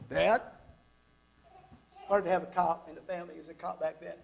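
A pastor with a Southern American accent, preaching at a child dedication, animated and acting out family stories. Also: male voice, normal speed, vocal fry, pauses often. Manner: animated, acts out quotes with pitch jumps; drops to a soft murmur when praying over the child.

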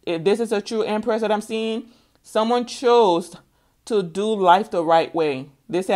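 A woman's voice: medium pitch, unhurried, a little mellow. A woman giving a tarot reading, talking emphatically and scolding, repeating words over and over for stress. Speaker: tarot reader.

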